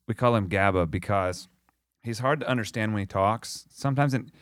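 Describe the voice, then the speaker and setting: Low-voiced man telling a road story. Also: moderate pace, a bit bright, no echo, studio quality. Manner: laid-back anecdote telling with fillers. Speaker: musician guest. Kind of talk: casual storytelling.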